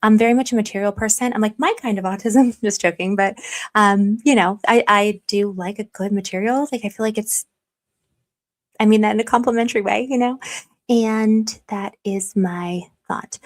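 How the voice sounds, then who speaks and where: A young adult woman hosting a livestream in casual, chatty talk, animated as she answers viewer comments. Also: medium pitch, fairly quick. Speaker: livestream host. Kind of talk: casual chat.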